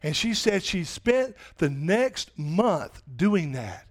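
A high-voiced man pastor preaches an emphatic sermon. He takes his time and stretches out his lines. His voice swells on repeated questions. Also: sing-song, takes it slowly.

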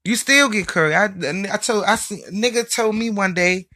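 A young woman talks straight at her listeners in a casual rant, cursing freely and mocking anyone she thinks is fooling themselves. Her voice is bright and sharp, and she holds a steady middle pitch. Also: moderate pace. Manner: blunt, profane, mocking.

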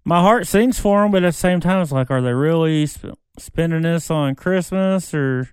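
A man's voice: on the high side, normal speed, a little mellow, clean tone, dry recording. A man guesting on a casual podcast, easygoing and laughing along with the host.

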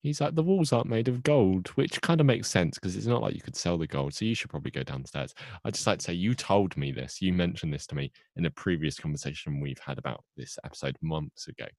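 Deep male co-host; wry, joking, close dry sound. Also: expressive, fast, hardly any pauses, no room sound. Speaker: podcast co-host. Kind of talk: casual chat.

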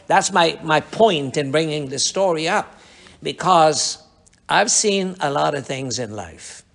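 A man's voice: a little high, a bit bright. A man preaching a sermon, telling a rambling personal testimony with repetitions and restarts. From Guyana. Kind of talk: sermon storytelling.

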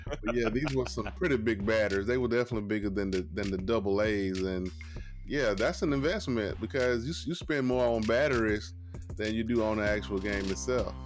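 A man's voice: lowish voice, a little fast, soft background music. Laid-back Georgia man with a Southern drawl. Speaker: podcast co-host. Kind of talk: casual chat.

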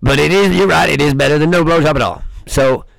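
Male host, raspy, talks fast and rambles through a profane comic rant. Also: on the high side, a bit bright, no room sound, rough recording. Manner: rambling, swearing constantly, boisterous. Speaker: host of a crude comedy show. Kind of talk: profane comedic monologue.

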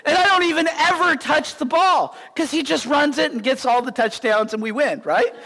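A man preaching a sermon as a pastor, telling stories in an animated way and acting out the scenes. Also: very high voice, moderate pace. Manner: animated storytelling, acts out scenes. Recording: long hall reverb.

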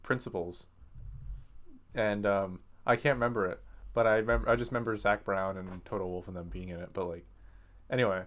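A man's voice: lowish voice, steady tone, fairly quick, pauses often, fairly bright tone. A man co-hosting a casual chat, laid-back and easily amused. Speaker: podcast co-host.

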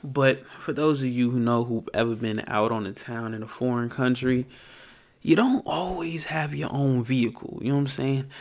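A man's voice: mid-range voice, moderate pace, a little mellow. A man hosting his own podcast, telling a story in a casual monologue and ranting with plenty of profanity. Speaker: podcast host.

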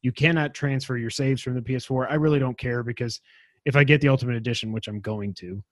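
A man's voice: mid-range voice, fairly even intonation, fast talker, no echo. A man hosting a casual gaming news podcast, rambling and enthusiastic, poking fun at himself. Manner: enthusiastic, rambling, self-deprecating. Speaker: podcast host.

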